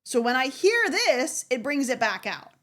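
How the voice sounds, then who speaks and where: Giggly streamer lady, bit of a southern accent, fairly high voice. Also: big pitch swings, moderate pace, a bit bright, slight background noise. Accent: Southern American. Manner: giggly, chatty, self-aware. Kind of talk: live reaction stream.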